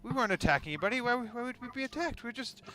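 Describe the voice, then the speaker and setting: A man's voice: expressive, fairly quick, bright, forceful tone. Man doing a stammering nervous bandit-actor. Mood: pleading. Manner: high, flustered and stammering. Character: nervous male actor posing as a bandit, pleading.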